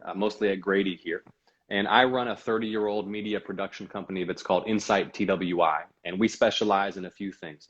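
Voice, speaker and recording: A man running for office, answering interview questions in an earnest, measured way. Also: deep voice. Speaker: guest, political candidate. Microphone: video call. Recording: dull lo-fi video call audio.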